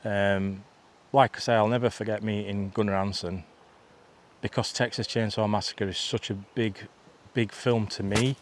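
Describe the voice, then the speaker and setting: A man's voice: fairly low pitch, slight background noise. A man, telling a rambling, chatty story for his vlog outdoors. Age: 50s. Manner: rambling, chatty, full of restarts and asides. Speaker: vlogger. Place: outdoors in a field.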